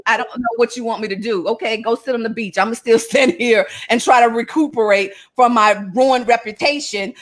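Woman, high-pitched, casual storytelling, animated, laughing, acts out dialogue. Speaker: vlogger telling a family story.

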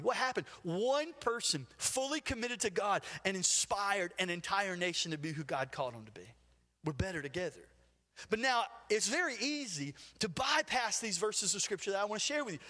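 A man preaching a sermon, retelling a Bible story with acted quotes in an animated, storytelling manner. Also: very high voice, big-room sound. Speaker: pastor.

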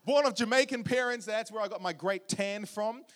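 Man, slightly high voice, sermon, humorous, engages the audience. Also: moderate pace, a bit bright. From Australia. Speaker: guest preacher.

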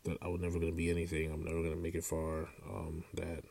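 A man's voice: deep voice, completely flat delivery, quick pace, creaky, darkish tone. A young man rambling through a casual solo podcast, with many fillers and restarts. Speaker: podcast host.

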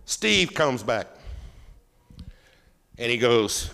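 A man pastor preaching a sermon as a folksy, animated storyteller. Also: medium pitch, measured pace, creaky, long pauses, big-room sound. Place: church sanctuary.

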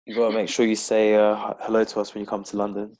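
Casual male podcast host with a deep voice and easygoing, filler-heavy delivery. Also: fast talker. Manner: relaxed, rambling with fillers. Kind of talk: casual interview chat. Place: London-based.

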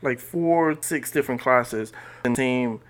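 Man, podcast co-host, relaxed storytelling, casual chat. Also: mid-range voice, measured pace, slight background noise. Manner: relaxed storyteller with small restarts.

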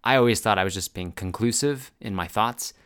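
A man's voice: on the low side, fairly quick, fairly bright tone, smooth. A man talking over a recording of his stage performance, recalling how he played each line in a candid, self-deprecating way. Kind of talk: reflective voice-over commentary.

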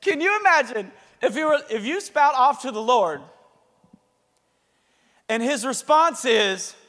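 A man preaching a sermon in a chatty, animated way, laughing between lines. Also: very high-pitched, unhurried. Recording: long hall reverb.

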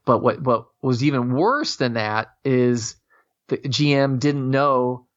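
Man, casual rambling storyteller, restarts a lot, swears, slightly muffled lo-fi sound. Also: slow pace. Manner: rambling, many restarts, swears casually, acts out quotes in a higher voice. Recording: dull lo-fi audio.

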